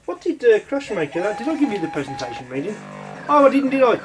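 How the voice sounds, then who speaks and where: Chatty high-voiced man reviewing games. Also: very animated, quick pace, music in the background. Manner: chatty, rambling, lots of ums and uhs. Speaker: retro game reviewer. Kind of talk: casual gameplay commentary.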